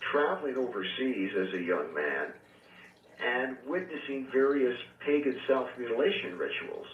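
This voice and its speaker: A man speaks as a reverend and exorcist on a call-in radio show. He recounts his experiences earnestly and at a measured pace, filling gaps with hesitations. His voice comes through a thin, phone-like line that sounds distant and echoey. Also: medium pitch, slight background noise. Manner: earnest, measured, storytelling with frequent fillers.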